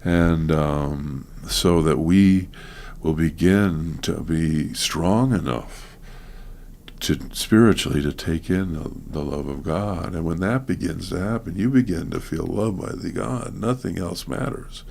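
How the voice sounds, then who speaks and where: A man speaking as a guest minister in an interview, earnest and halting, with many fillers. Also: low-pitched, vocal fry, a little mellow, slight background noise. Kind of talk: conversational interview.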